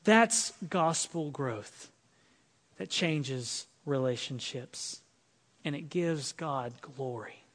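A male pastor preaching an earnest sermon, swinging between loud emphatic lines and soft quiet ones. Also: medium pitch, lively intonation, drawn-out words, big-room sound.

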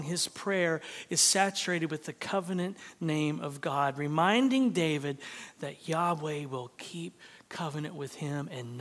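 A pastor preaching in a measured, deliberate rhythm, his fairly high voice swelling on key words and then dropping almost to a whisper. His sermon rings out through a large reverberant sanctuary, the long tail of the hall trailing each phrase. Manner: dynamic, swings from emphatic to hushed near-whispers.

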